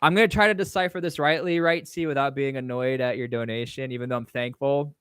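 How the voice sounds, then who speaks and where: A man's voice: medium pitch, fairly even intonation, fast, a bit bright, clean tone, no room sound, clean studio sound. A man hosting a casual livestream Q&A, reading chat questions aloud and answering in a rambling, offhand way. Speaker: livestream host.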